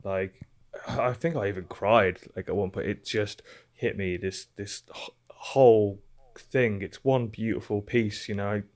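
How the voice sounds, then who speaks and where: A man's voice: lowish voice, a little slow, darkish tone. A young British man chatting casually as a podcast co-host, rambling and swearing now and then. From Britain. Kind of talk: casual chat.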